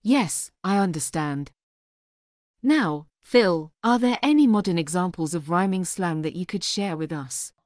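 A woman hosts an English lesson with polite, encouraging questions for her guest. Her voice sits low for a woman and sounds close and dry, with no room echo. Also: animated, a little slow, a little mellow. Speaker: host.

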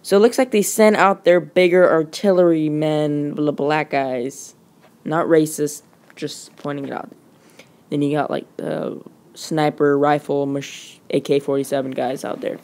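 A woman's voice: low-pitched, steady tone, darkish tone. Woman rambling through gameplay commentary. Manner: rambling, casual, quick with fillers. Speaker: gaming channel host.

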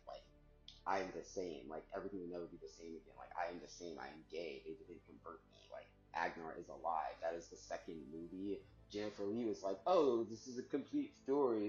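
A man's voice: on the low side, darkish tone, roomy sound, dull audio. A man rambling in a casual monologue, full of "like", laughing often and swearing freely. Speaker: vlogger recording himself.

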